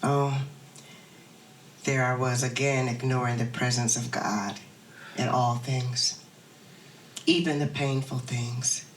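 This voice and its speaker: A woman's voice: very deep voice, fairly even intonation, slow, long pauses, a little hiss or hum. A woman pastor delivering a sermon and leading her congregation in call-and-response. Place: large church hall. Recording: echoey hall, from far off.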